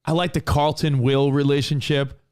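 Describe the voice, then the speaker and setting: A man's voice: fairly high pitch, flat delivery, normal speed, a little mellow, clean tone. A man co-hosting a podcast in casual chat, enthusiastic and prone to stammering and repeating words. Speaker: podcast co-host.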